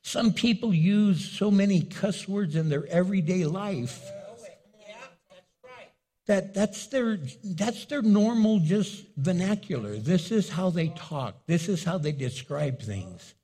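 A middle-aged male pastor preaching in a husky, fairly high voice that swings widely in pitch. He speaks unhurriedly with a warm, mellow tone and acts out quick exchanges with his listeners. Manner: animated, acts out dialogue with the congregation. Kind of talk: sermon.

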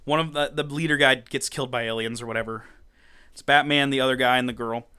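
A man co-hosting a podcast, recapping a comic in casual chat, animated, laughing often and swearing freely. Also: medium pitch, fast, clean tone. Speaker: podcast co-host.

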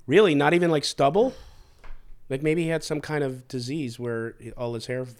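A man's voice: fairly high pitch, moderate pace, darkish tone. Man hosting a joking podcast chat. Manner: joking, probing questions. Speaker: podcast host. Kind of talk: casual interview chat.

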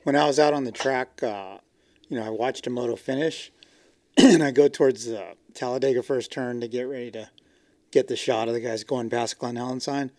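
A man with a middle-pitched voice recorded close on a dry, dead mic. He talks casually and pauses to hunt for the right words. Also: a little mellow, no echo. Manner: halting, searching for words. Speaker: podcast guest who shoots photos. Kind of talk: casual podcast chat.

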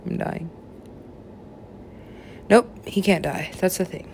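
Creaky-voiced woman murmuring and whispering. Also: lowish voice, takes it slowly, darkish tone, slight background noise. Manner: drifting, profane, often dropping into whispers. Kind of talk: rambling monologue.

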